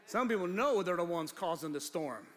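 Preacher, a man with a high voice, conversational and then rising to a shout, heard in a large church with long reverb. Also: expressive, moderate pace. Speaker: pastor. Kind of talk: sermon.

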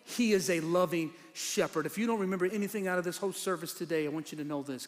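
A pastor preaching a sermon, moving from quiet teaching to shouted, rhythmic preaching before his congregation. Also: high-pitched, fast talker, hardly any pauses. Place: large church hall with congregation. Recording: long hall reverb, faint crowd.

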